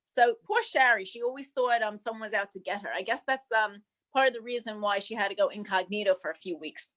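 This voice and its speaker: A woman's voice: medium pitch, a little fast, fairly bright tone, natural voice. A comic actress playing a flamboyant female manicurist to Hollywood stars, rambling through breezy gossip and calling everyone darling and doll. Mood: gossipy. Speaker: guest. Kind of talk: improvised comedy character interview.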